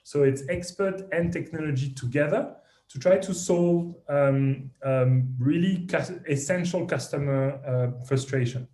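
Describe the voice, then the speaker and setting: A man with a strong French accent speaks as a podcast guest. His voice sits a bit high, and he talks with animated, self-deprecating energy, often restarting his sentences. The recording has a noticeable room echo. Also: measured pace. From France. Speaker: guest, company founder. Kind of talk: podcast interview.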